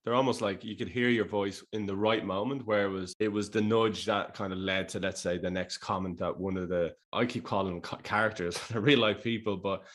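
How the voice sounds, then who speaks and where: A man's voice: on the low side, steady tone, fairly quick, few pauses, fairly bright tone. A man hosting an interview, asking probing questions with frequent restarts and hesitations. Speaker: interview host. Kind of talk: interview conversation.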